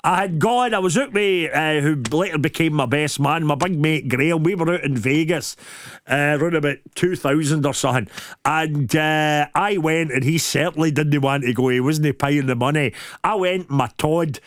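A man's voice: fairly high pitch, no echo, clean studio sound. A middle-aged Scottish man hosting a radio show, telling stories and breaking into laughter in casual banter. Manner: laughing, storytelling, quick asides.

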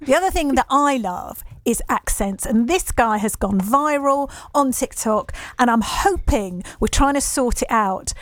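A British woman hosts a casual radio chat, giggly and full of enthusiasm. Her voice sits a little high. The studio sound is close and dry. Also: animated, unhurried, hardly any pauses, dry recording. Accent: British English. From England. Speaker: radio presenter.

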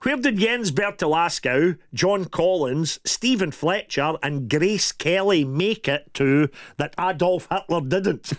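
A man's voice: fairly high pitch, a bit bright, dry recording, studio quality. A Scottish man hosting a radio show, reading out listener texts in a chatty, teasing way and laughing often.

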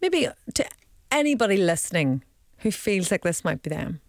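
A woman's voice: mid-range voice, sing-song, normal speed, a little hiss or hum. A woman co-hosting radio, reading out listener messages in casual banter. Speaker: radio co-host.

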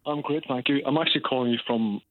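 A man's voice: medium pitch, fast talker, no room sound. Male caller, Northern Irish accent, hesitant, heard down a phone line. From Northern Ireland. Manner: hesitant, repeats words. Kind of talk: phone-in call.

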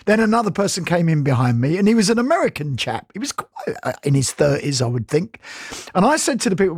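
A British man in middle age chats casually on air, wandering from one aside to the next and laughing often. His voice is a little husky and rises and falls a lot. The recording is close and dry. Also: high-pitched, very animated, fast talker, no room sound. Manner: rambling and anecdotal, laughing often. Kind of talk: casual chat.

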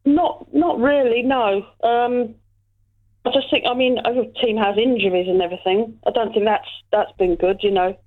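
A woman caller chatting casually about football, halting and full of fillers. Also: on the high side, steady tone. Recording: tinny phone line.

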